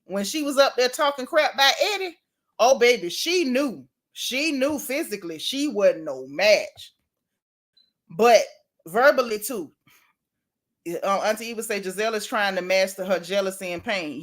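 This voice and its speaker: A middle-aged woman, hosting a casual gossip livestream, animated and sassy as she reads out viewer comments. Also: on the high side. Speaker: livestream host.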